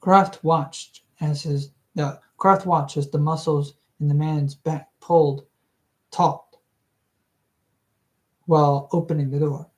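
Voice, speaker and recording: Unhurried amateur book reader, giggly asides, rambling and self-correcting. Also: mid-range voice, fairly even intonation, low-quality recording. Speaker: audiobook reader. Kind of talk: casual read-aloud with rambling asides.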